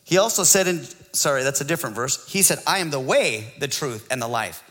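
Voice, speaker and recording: A male pastor preaching a sermon, building to excited rhetorical questions and calls to the congregation. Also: mid-range voice, brisk, big-room sound.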